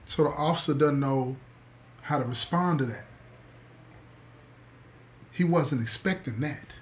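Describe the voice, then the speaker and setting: With a mid-range voice and a slightly slow pace, a man tells his audience a story. He speaks emphatically, returns to key words again and again, and calls his listeners "y'all."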